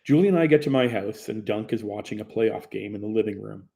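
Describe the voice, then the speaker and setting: Gravelly, mellow-voiced man narrating a story. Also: lowish voice, a little fast. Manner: plain, conversational storytelling. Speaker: audiobook narrator. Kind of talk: first-person audiobook narration.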